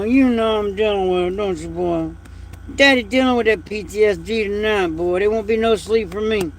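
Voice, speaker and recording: A man's voice: high voice, sharp tone, slight background noise. A man, hosting a casual livestream chat from home at night, talking in a rambling, folksy and emotional way. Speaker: livestream host.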